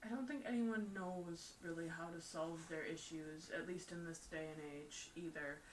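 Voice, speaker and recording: A woman's voice: on the low side, steady tone, moderate pace, far from the mic, a little hiss or hum. A woman co-hosting a casual discussion, speaking supportively and often adding short agreements. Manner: supportive, with frequent short backchannels.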